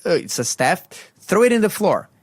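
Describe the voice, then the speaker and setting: A man hosting a faith radio breakfast show tells a Bible story in a casual way, full of fillers and restarts. He jumps up in pitch to act out each voice. His studio mic sounds dry and close. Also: big pitch swings, moderate pace, husky, no room sound.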